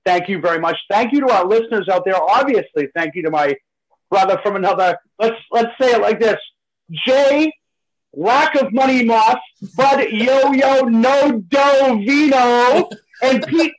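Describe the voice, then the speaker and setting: A man co-hosting a talk radio show, rattling off shout-outs with hype and a motivational push. His voice sits high for a man. He is playful and upbeat. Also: a little slow, low-quality recording. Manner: hyped, motivational, playful with nicknames. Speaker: co-host.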